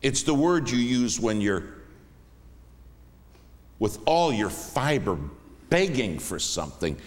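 A man preaching a sermon as a guest in a church, emphatic, swinging between hushed and raised lines. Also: medium pitch, big pitch swings, slow pace. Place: church sanctuary. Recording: long reverb of a church hall.

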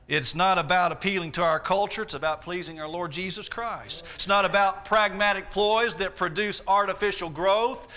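A man's voice: high-pitched, pushed and bright. A man, preaching a sermon with emphatic repetition and rhetorical questions. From Arkansas, US.

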